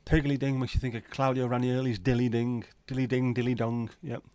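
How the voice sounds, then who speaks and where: A man's voice: medium pitch, little pitch movement, a little fast, a little mellow, no echo. A middle-aged man hosting a livestream, rambling through jokey pub-style banter while reading out chat. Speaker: livestream host. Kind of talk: casual chat reading viewer comments.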